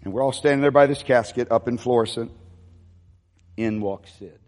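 A man preaching a sermon at an ordinary mid pitch. He tells a personal story, sinking to near-whispers and rising to emphatic, raised peaks. His voice carries the long reverb of a church hall. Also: moderate pace, a little mellow. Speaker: pastor.

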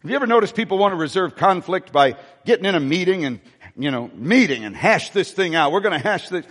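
Male pastor, sermon, conversational, folksy asides, slightly high voice, long hall reverb. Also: animated, quick pace, fairly bright tone.

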